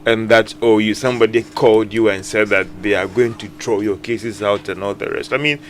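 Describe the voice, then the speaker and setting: Male co-host, low-pitched, reflective questioning tone, studio with faint hum. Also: steady tone, fairly quick. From Ghana. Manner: musing, asks questions, agrees often. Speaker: radio co-host. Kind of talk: casual radio banter. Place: radio studio.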